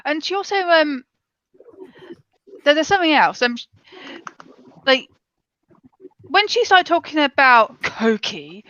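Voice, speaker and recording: A woman joins a livestream, chatting in a rambling, self-mocking way with a high, lively voice. Her audio is dry and dull, like a lo-fi online call. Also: slow, pauses often, no room sound. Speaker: livestream guest. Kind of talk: casual livestream chat.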